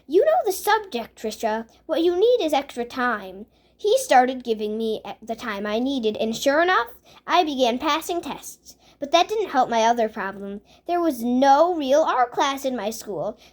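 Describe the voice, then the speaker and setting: High-voiced woman reading a story aloud. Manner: stumbles and restarts while reading. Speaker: reader. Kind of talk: reading a picture book aloud.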